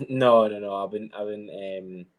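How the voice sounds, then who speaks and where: A man's voice: on the low side, takes it slowly. A young Scottish man, a fighter, talking in a casual interview, modest and self-conscious, laughing easily. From Scotland. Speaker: MMA fighter, guest.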